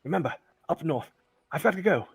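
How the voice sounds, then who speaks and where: A man voicing a hurried, guarded elf woman in a tabletop game, clipped and quick. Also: deep voice, lively intonation, gravelly, slightly rough, voice pushed up, exaggerated voice.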